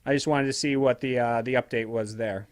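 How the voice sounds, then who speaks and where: A man's voice: medium pitch, fairly even intonation, a little fast. A man on a phone call, checking in with a hesitant, polite manner. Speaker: caller.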